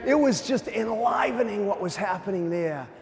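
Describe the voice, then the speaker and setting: A man's voice: high voice, normal speed, vocal fry, long reverb tail. A man who is a parish priest, giving a conversational, humorous sermon and often checking in with the congregation. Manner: conversational, asks the congregation questions; animated storyteller with humor. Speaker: pastor. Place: church.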